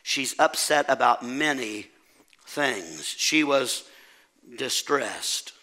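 Guy preaching a sermon, dramatic and lively, bright ringing tone. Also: medium pitch, very slow. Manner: animated, dramatic, asks the congregation questions. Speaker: pastor.

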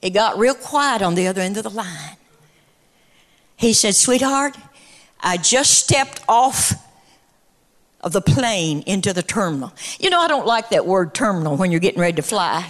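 A middle-aged woman preacher delivering a sermon in a rhythmic cadence that builds to shouts, then shifts into storytelling. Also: mid-range voice, animated, normal speed.

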